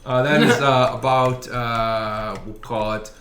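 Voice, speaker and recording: A man narrating a tabletop game as game master, setting scenes in a relaxed, chuckling way. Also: mid-range voice, takes it slowly, slight background noise. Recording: echoey room.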